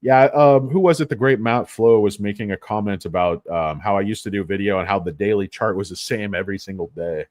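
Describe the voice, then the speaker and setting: A man's voice: fairly low pitch, fairly quick, hardly any pauses, darkish tone, no echo, studio quality. A man hosting a casual stock trading livestream, rambling and joking as he talks. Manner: rambling, joking, bouncy delivery.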